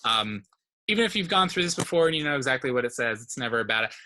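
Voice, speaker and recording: Speaking quickly and with lots of animation, this medium-pitched man leads a relaxed online language lesson over heavy background noise. He breaks things down step by step and frequently stops to check that his students are following.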